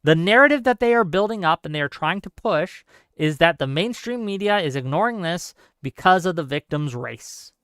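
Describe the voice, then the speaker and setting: A talk show host with a smooth, clear, slightly bright voice in an ordinary middle register reads viewer comments on a live call-in show and rebuts them point by point, firm and emphatic. He's animated and argumentative, leaning on frequent tag questions and fillers. The sound is dry and close, with no echo and almost no room behind it.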